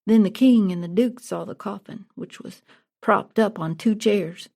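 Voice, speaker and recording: Gravelly, mellow woman narrating a storybook. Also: mid-range voice, measured pace. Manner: plain, steady storytelling. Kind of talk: audiobook narration.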